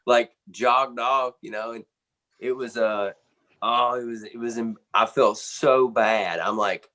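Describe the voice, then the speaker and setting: A man's voice: mid-range voice, steady tone, takes it slowly, pushed and bright. A man from the United States, a drummer being interviewed, telling a casual, rambling story full of fillers and restarts. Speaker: guest musician, drummer.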